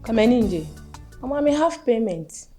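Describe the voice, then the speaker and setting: A woman's voice: fairly high pitch, animated, takes it slowly, dark tone, soft background music. A woman with a Ghanaian accent playing a coaxing, affectionate partner in a film drama.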